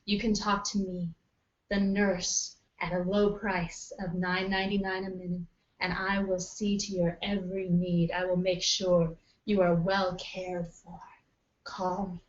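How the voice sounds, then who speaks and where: A woman's voice: on the low side, little pitch movement, unhurried, slight background noise, pitched below the performer's own voice, lightly acted. A woman putting on a sultry hotline nurse. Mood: seductive. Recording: roomy, dull livestream audio.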